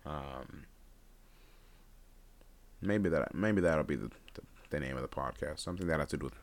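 A man's voice: very deep voice, gravelly, a bit bright. A young man hosting a solo podcast, rambling and unscripted with lots of fillers and restarts, his voice still groggy from just waking up. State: groggy morning voice. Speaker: podcast host.

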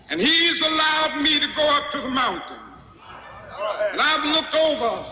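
A man preaching to a live crowd, speaking in rhythmic repeated refrains that build to ringing shouts. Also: very high-pitched. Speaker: preacher and civil rights speaker. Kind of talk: impassioned oratory to a live crowd. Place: large hall before an audience. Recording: archival speech with long hall reverb and music behind.

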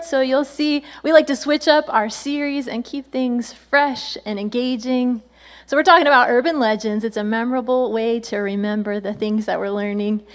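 A woman pastor delivers a lively sermon with a slightly high voice. She talks in a chatty, playful way and laughs often along the way. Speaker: senior pastor.

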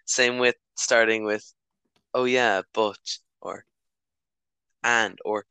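Teen male co-host, low-ish bright voice, chatty and giggly. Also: fairly even intonation, slow, gravelly, clear, resonant tone, dry recording. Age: teens. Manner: rambling, laughs often. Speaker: podcast co-host. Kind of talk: casual chat.

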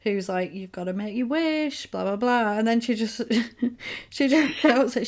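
A woman chatting casually, retelling a film plot and acting out the characters' lines. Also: a little high. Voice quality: animated storyteller, acts out characters' lines in quick voices. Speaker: podcast co-host recapping a film. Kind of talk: casual chat.

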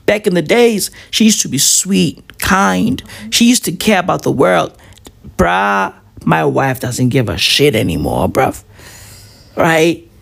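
A man in his thirties riffs through a profane comic monologue, taking his time and stretching his words out. His voice is gravelly and climbs and falls widely, and he keeps tossing in "right?" and "bruv". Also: fairly high pitch, sing-song, takes it slowly. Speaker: comedian vlogger.

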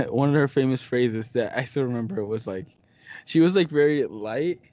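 A man's voice: medium pitch, normal speed, darkish tone, no echo. Giggly man telling a story on a podcast. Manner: giggly, filler-heavy storytelling. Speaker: podcast co-host. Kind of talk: casual chat. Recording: dull lo-fi podcast audio.

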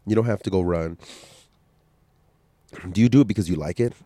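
A man's voice: low-pitched, brisk, mellow, no echo. A man with a stuffy, coughing cold, hosting a casual solo podcast and giving blunt, profane motivational talk. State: sick, coughing, stuffy nose. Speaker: podcast host.

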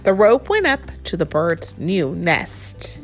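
A woman reading a picture book aloud to a child in a playful, expressive storytelling voice. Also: fairly low pitch, takes it slowly, faint music behind. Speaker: reader.

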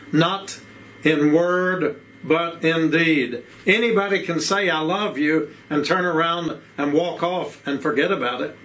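A man with an Appalachian accent preaching a sermon, with rhythmic repeated phrases and rhetorical questions, slowing down to stress key words. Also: a little high, fairly bright tone, poor audio.

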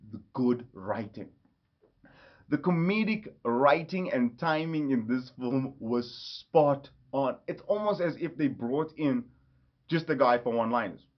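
A man giving an enthusiastic, rambling casual vlog review, often correcting himself. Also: a little high. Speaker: movie reviewer. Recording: slightly dull lo-fi audio.

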